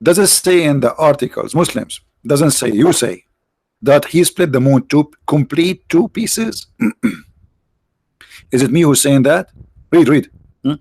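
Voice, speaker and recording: A man's voice: on the high side, expressive, slow pace, a little mellow, slightly rough, dry recording. A man hosting a livestream, giving mocking, sarcastic religious debate commentary in broken English. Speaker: livestream host.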